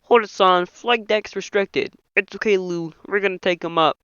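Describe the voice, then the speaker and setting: A man doing an impression of a nasal, excitable male puppet frog, reading a whole film script aloud as every character. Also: high voice, moderate pace, smooth, no room sound. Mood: froggy reading. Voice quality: nasal, reedy. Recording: dull lo-fi dry home mic.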